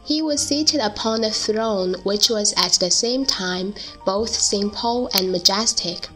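A woman narrating a storybook in a slow, deliberate reading. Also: medium pitch, a bit bright, faint music behind, rough recording.

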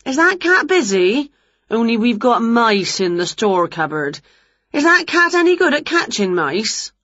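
A woman's voice: a little high, very animated, no room sound, pitched above the performer's own voice, exaggerated voice. A woman voicing a jolly, friendly school cook in a storybook reading, on a dull lo-fi recording. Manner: bright, welcoming, brisk.

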